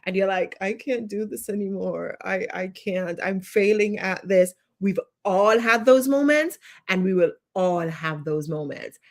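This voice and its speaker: Woman coach, Jamaican accent, live online lesson; emphatic, builds points through repetition. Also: mid-range voice. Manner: emphatic, repeats phrases for effect. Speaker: life coach.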